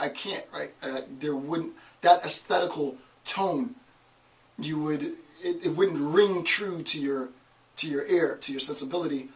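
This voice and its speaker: A man's voice: on the high side, distant mic, rough recording. A man with a Northeast American accent giving a college lecture, talking emphatically and asking rhetorical questions. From Northeastern United States. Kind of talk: classroom lecture.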